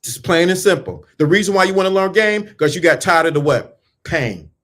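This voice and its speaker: A man with a high, animated, fairly bright voice speaks briskly, delivering a motivational talk on mindset and dating. He preaches emphatically, repeating lines, using casual slang, and firing questions at the listener.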